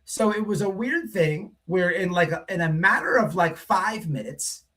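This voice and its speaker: A man's voice: sits high, normal speed, fairly bright tone. Blunt, rambling man telling a story. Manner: rambling, repeats himself, says "right?" often; blunt and profane. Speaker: livestream host. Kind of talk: casual storytelling monologue.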